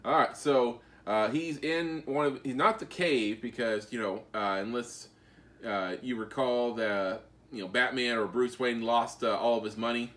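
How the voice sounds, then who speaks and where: A man co-hosting a podcast, casually recapping comic book stories with many fillers and pauses. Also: medium pitch, fairly bright tone. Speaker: podcast co-host.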